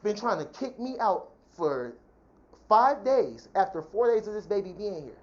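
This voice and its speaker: Woman going off in a cussing rant, mid pitch, kinda muffled lo-fi audio. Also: very animated. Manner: profane, fast, indignant venting. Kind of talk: heated personal rant to camera. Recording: dull lo-fi sound.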